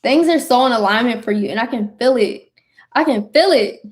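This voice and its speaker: A young woman hosting a spiritual livestream, gushing and excitable as she talks straight to viewers and chats about their comments. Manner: quick bursts of high excited exclamations. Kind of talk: casual livestream chat reading comments.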